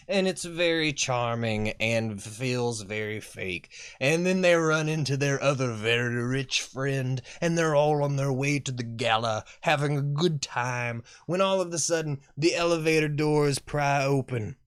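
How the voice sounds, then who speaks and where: A man's voice: mid-range voice, measured pace, hardly any pauses, a bit bright, clean tone. A man hosting a live chat, recapping a horror movie in a sarcastic, exasperated way that is full of swearing. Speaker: horror movie reviewer and host.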